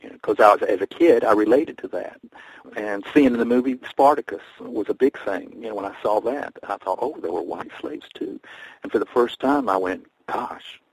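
A man from the American South, a guest on a talk show, telling rambling, animated personal stories. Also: lowish voice, brisk, husky, no room sound, low-quality recording. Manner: rambling, animated storytelling with laughs. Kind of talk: storytelling in conversation.

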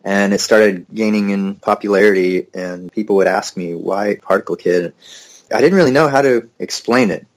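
Young man, very deep voice, interview guest, relaxed storytelling, laughs easily. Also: normal speed, few pauses. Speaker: musician guest. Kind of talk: casual interview conversation.

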